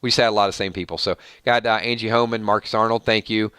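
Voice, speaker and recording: A man hosting a live stream in an easy, chatty way, running through viewer shout-outs one after another. His voice is bright and forceful, with a smooth, crisp tone. The sound is dry and close, with no room echo. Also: fairly low pitch, fairly even intonation, fast. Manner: rattles off long lists of viewer names and thanks. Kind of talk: casual live stream chat.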